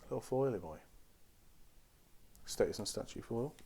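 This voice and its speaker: A man's voice: mid-range voice, lively intonation, measured pace, vocal fry, warm tone, slightly rough. Chatty man opening card packs. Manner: chatty, teasing, talks to the packs. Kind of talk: casual live card-opening commentary. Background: crinkling foil wrappers.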